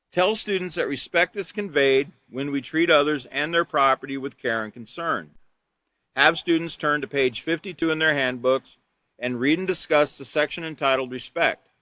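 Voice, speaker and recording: Male trainer, slightly high, ringing voice, dry close sound, reads the manual aloud and adds plain examples. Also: no room sound. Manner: reads from a manual, then explains with lively examples. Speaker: teacher trainer. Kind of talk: live online training lesson.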